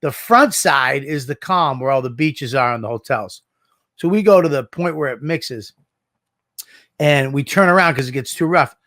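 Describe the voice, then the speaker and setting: A man co-hosting a podcast, telling a profane, animated story in casual banter on a studio microphone. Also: medium pitch, normal speed, no room sound. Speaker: podcast co-host.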